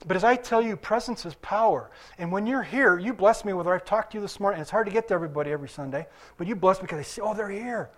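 A man's voice: sits high, rapid-fire, hardly any pauses. A male pastor preaching a sermon in a conversational way, with casual asides. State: limping after surgery.

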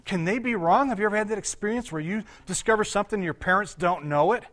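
A man's voice: high voice, fast talker, a bit bright. An older man, a pastor, giving a conversational sermon, laughing often and quizzing his congregation.

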